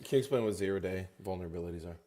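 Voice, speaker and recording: Lowish-voiced man teasing. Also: racing, warm tone. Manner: teasing, joking interjections. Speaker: podcast co-host. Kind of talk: casual chat.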